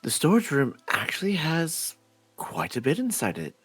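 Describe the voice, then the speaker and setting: A woman voicing a gentle, courtly young man who speaks softly and formally to comfort someone. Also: low voice, huge pitch swings, moderate pace, husky, no echo, soft background music, exaggerated voice. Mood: courtly, kindly. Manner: formal, soft-spoken and reassuring. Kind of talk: voicing a visual novel character on stream.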